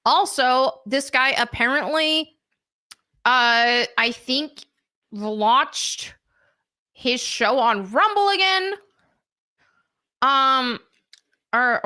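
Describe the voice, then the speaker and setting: A woman's voice: sits high, pushed and bright. A woman hosting a casual livestream and reading chat, blunt and indignant, with lots of fillers. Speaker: livestream host.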